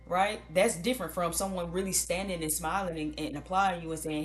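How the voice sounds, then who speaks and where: Woman reading tarot, low voice, blunt and profane, chatty, faint noise behind. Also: a little fast, hardly any pauses. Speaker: tarot reader. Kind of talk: casual tarot reading to viewers.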